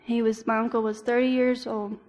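A young woman giving an earnest personal testimony as a church devotional, halting often with ums and restarts. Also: on the high side, flat delivery, a little mellow. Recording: long reverb of a hall.

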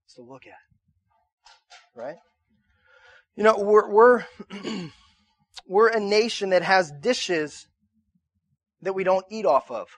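Pastor, male, 30s, high voice, dry close sound, chatty sermon delivery. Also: slow pace, pauses often, no room sound. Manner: conversational, repeats himself, builds to shouting in anecdotes. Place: church auditorium.

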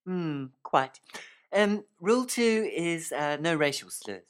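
A fussy, giddy female co-commentator whose pitch leaps all over the place. She is prim and keen on rules, and quick to giggle. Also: lively intonation. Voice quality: fussy, rule-minded, giggly.

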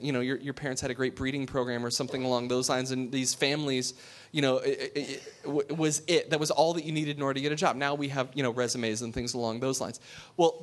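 Frank, high-voiced male preacher. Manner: frank, informal, with many restarts. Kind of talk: conversational sermon. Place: room with a small congregation.

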